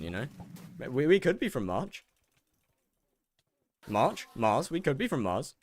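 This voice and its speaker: A young man streams a game and answers his viewers in a wry, sarcastic tone. His voice swings up and down with lively inflection while he chats. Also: mid-range voice, a little slow, pauses often. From England. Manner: banters with chat, wry and sarcastic. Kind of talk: casual chat with viewers while gaming.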